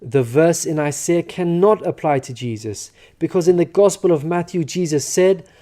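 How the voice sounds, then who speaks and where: A man narrating a prepared script with a higher-than-usual pitch. His tone is soft and mellow, with no edge to it. He reads at a measured, earnest pace, explaining each point in turn. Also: lively intonation. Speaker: religious narrator.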